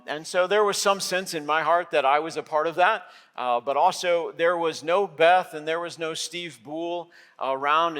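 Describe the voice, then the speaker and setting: A man's voice: fairly high pitch, fairly bright tone. A middle-aged man, a lead pastor, giving a sermon in a conversational way with many filler words. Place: church sanctuary. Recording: long hall reverb.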